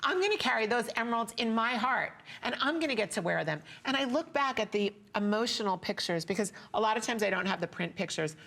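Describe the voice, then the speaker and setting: A woman's voice: a little high, lively intonation, fast, gravelly, hardly any pauses, a bit bright. Teary woman selling jewelry on TV. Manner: sentimental, repetitive, teary. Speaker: jewelry designer and shopping show guest. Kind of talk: emotional sales pitch.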